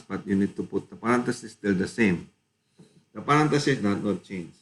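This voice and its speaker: Guy teaching a class, super slow and patient. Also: fairly low pitch. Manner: slow, patient, checks students' answers. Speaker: lecturer. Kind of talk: live online lecture.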